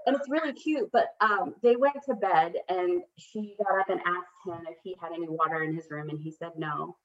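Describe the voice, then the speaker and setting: A woman's voice: lowish voice, moderate pace. Candid woman telling a family story. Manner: candid, self-deprecating, animated when quoting her kids. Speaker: guest. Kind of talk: casual conversational storytelling. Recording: dull lo-fi audio.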